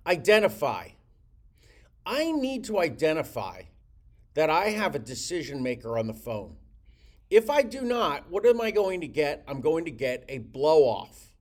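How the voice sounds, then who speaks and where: A middle-aged man coaches real estate agents on prospecting calls, his pitch rising and falling in lively swoops. His voice sits a little high for a man. He slips into little acted phone dialogues to make his points. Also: unhurried. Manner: animated, acts out phone calls with different voices. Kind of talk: teaching sales technique.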